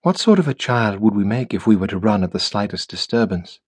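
A man narrating an audiobook, voicing a calm, tender female robot wife who murmurs softly. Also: fairly low pitch, fairly quick, husky, no room sound. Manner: soft, murmuring. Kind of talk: audiobook character voice.

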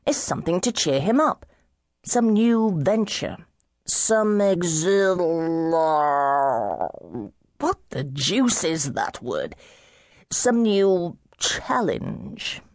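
A woman voicing a drunken young gentleman of about twenty-five, who rambles and fumbles for words. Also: low voice, very animated, unhurried, dry recording, full character voice. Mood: tipsy, rambling. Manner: slurred, fumbling for words, merrily befuddled.

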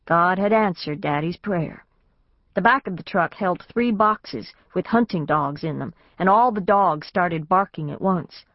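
A woman's voice: on the low side, unhurried, dry recording. A woman narrating a novel in the first person, in a plain storytelling manner. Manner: plain storytelling, lifts her voice for the family's lines. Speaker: audiobook narrator. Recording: dry, slightly dull studio recording.

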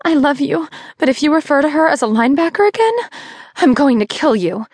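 A woman's voice: high-pitched, lively intonation, brisk, darkish tone, dry recording, clean studio sound, voice pushed up. A woman voicing an emotional young mother in labor, speaking in a strained, heartfelt way. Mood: teasing.

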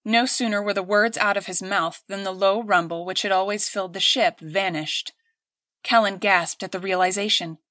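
A woman reading an audiobook aloud in steady, clear scripted narration. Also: mid-range voice, normal speed, no room sound, clean studio sound.

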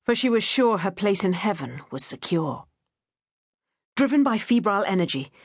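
Woman audiobook narrator, measured reading, husky tone, dry close sound. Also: medium pitch, dry recording. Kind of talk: scripted narration.

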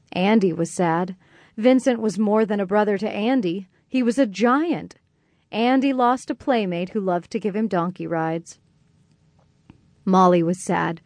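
A woman narrating a children's audiobook in a gentle, clear and expressive way. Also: medium pitch, no echo.

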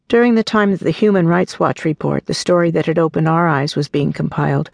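A woman narrating her own memoir as an audiobook, telling the story in an earnest, warm way and voicing the people in it. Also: low-pitched, vocal fry, no echo, studio quality.

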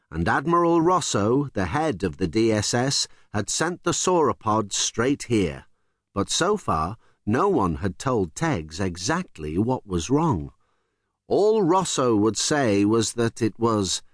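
Expressive man reading a children's story. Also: lowish voice, no room sound, clean studio sound. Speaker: audiobook narrator. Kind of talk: scripted children's audiobook narration.

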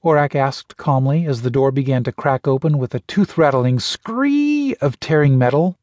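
A man narrating a science-fiction audiobook in a steady, even storytelling voice. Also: mid-range voice, moderate pace, no echo, studio quality. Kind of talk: scripted narration.

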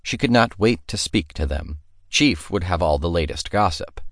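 Deep-voiced man narrating a fantasy audiobook. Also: expressive, no room sound, studio quality. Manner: measured, storytelling delivery.

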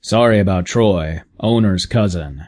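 A gruff, middle-aged station manager with an air of administrative authority, wary and blunt, as an audiobook narrator puts him on. His voice sits a little low, and he speaks in short, dry, businesslike lines. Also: measured pace, a little mellow. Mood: wry. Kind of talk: audiobook character voice.

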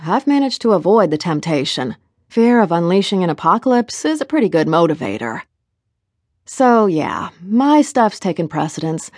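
A woman's voice: lowish voice, darkish tone, no echo. A woman narrating a first-person novel in a wry, conversational way, recorded on a close studio mic. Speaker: audiobook narrator.

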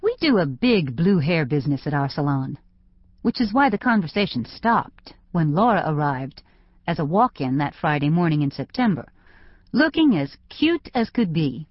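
Woman, audiobook narrator; lowish, wry, dry lo-fi studio. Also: sing-song, moderate pace, dry recording. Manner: wry, conversational storytelling. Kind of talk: scripted first-person narration.

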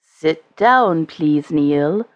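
A woman voicing a kind, jolly old Father Christmas in a gentle, deeper voice. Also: lively intonation, very slow, dry recording, dull audio, full character voice. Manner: gentle, deep, strong voice.

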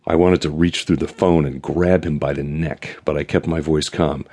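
A man reading a first-person novel aloud as audiobook narrator, with a dry, wry, even delivery. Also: extremely low pitch, normal speed, few pauses, husky.

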